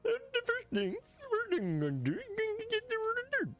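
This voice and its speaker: A man's voice: very high voice, huge pitch swings, fast talker, a bit bright, faint music behind, voice pushed up, exaggerated voice. A man voicing a jolly male chef who babbles in mock Swedish and slurs his words. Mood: goofy. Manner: slurred sing-song babble.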